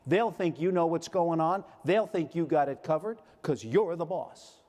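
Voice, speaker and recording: An older man with a fairly high voice delivers a motivational keynote to a large audience. He tells stories and briefly acts out the voices of the people in them. His words ring out with a long reverb through the hall. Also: normal speed, a little mellow. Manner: storytelling, acts out quoted voices. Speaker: keynote speaker. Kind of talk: motivational speech.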